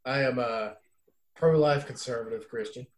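A man's voice: medium pitch, moderate pace, a crowd in the background. A man in casual comedic podcast chat, dropping wry, sarcastic asides and teasing his co-host.

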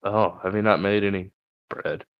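A relaxed young man hosting a casual podcast chat, swearing freely and laughing between thoughts. His voice sits on the low side and sounds close and dry, with no room around it. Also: normal speed, no echo, muffled recording. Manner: laid-back, swearing, laughing often. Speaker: podcast host.

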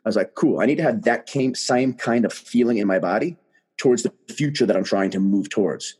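Husky-voiced man telling a story. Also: on the low side, a little fast. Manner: animated, emphatic storyteller. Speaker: guest. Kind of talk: casual conversation, storytelling.

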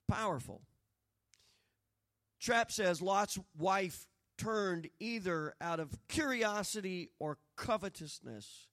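High-voiced preacher. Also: male voice, slow. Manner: swells from quiet storytelling to loud, rising preaching. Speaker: pastor. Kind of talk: sermon.

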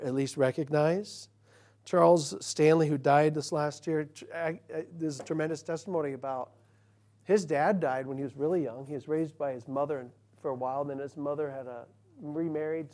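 Man preaching, slightly high voice. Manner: preaching, swinging from quiet storytelling to loud emphatic scripture lines. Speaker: pastor. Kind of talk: sermon. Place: church.

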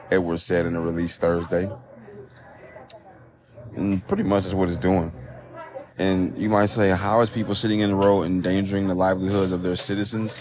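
A man hosting a solo podcast, reading news aloud and reacting with profane, incredulous commentary, recorded on a phone. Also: deep voice. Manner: profane, incredulous, rambling with restarts. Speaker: podcast host.

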